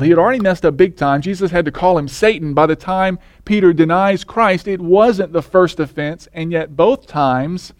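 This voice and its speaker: A man's voice: a little high, no echo. A male pastor preaching a sermon in a conversational way, often putting questions to the congregation.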